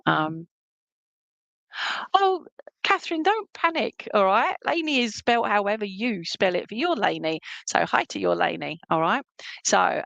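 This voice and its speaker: A woman's voice: mid-range voice, gravelly, a bit bright, no echo. A woman working as a spiritualist medium, giving a chatty, reassuring reading with lots of fillers at an online service from a room at home.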